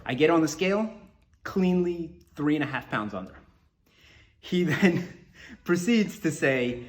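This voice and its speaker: A man from Colombia, an MMA fighter, telling a story in casual, animated talk. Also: on the high side, unhurried, long pauses, faint music behind. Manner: animated, lots of fillers and restarts. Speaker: MMA fighter, podcast guest.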